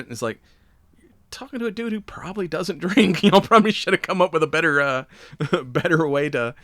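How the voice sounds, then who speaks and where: A man's voice: a little high, expressive, a little fast, fairly bright tone, dry recording, clean studio sound. A man co-hosting a podcast, recapping a show in a rambling, laid-back way with frequent laughs. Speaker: podcast co-host. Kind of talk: casual chat.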